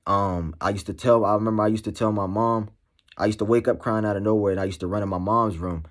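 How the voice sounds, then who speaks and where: A man speaking candidly to camera as a motivational vlogger, halting and slangy, full of "you know" fillers. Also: lowish voice, fairly even intonation. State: emotional, shaken. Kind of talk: candid personal monologue to camera.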